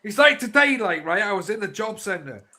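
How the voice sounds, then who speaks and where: A man's voice: sits high, sing-song, normal speed, bright, forceful tone. A man, complaining and telling stories in a sweary casual chat. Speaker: regular on a live chat show.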